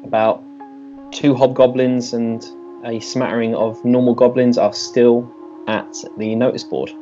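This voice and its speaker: Male game master, relaxed narration, faint music behind, muffled recording. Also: mid-range voice, a little slow. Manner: loose, relaxed narration with fillers.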